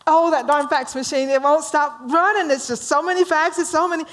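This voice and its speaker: A woman's voice: high voice, fairly even intonation, moderate pace, a bit bright, pitched above the performer's own voice. A woman doing a gushing, sensitive office clerk. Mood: cheery chatter. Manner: gushing, rambling and anxious. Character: chatty, sensitive, eager-to-please male office clerk.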